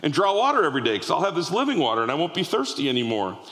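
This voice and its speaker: A woman's voice: deep voice, sing-song, racing, fairly bright tone, long reverb tail. A male preacher voicing a blunt Samaritan woman in a retold story, in a slightly raised voice. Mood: incredulous. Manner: blunt, incredulous retorts.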